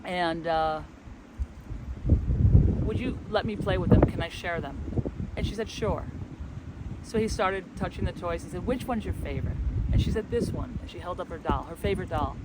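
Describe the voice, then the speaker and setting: At normal speed, a man whose voice is on the high side tells a casual, wandering story outdoors for a spiritual travel vlog he co-hosts. He acts out the conversation as light wind and outdoor noise drift through the windy forest setting.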